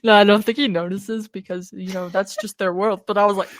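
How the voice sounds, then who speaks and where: A woman's voice: medium pitch, fairly even intonation, fairly quick, slight background noise. A woman co-hosting a podcast in casual chat, telling stories with a laugh. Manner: chatty, tells stories with a laugh. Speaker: podcast co-host.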